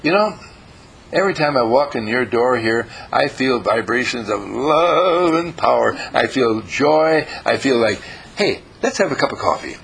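A man voicing a gushing, endlessly affectionate woman visitor who talks in effusive, sing-song flattery. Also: mid-range voice, measured pace, gravelly, breathy edge, exaggerated voice, rough recording.

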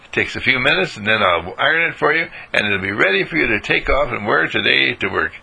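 A man's voice: medium pitch, expressive, quick pace, vocal fry, pushed and bright, husky, full character voice, rough recording. An older man voicing a cheerful, accommodating wife in a homely story. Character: cheerful, devoted housewife.

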